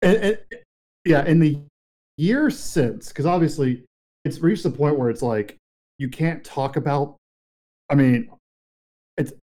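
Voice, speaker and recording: Young guy podcast cohost, worked up, acting out what people said, mellow warm tone. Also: a little high, takes it slowly, long pauses. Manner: excited storytelling, acts out quotes. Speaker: podcast co-host. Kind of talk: casual chat.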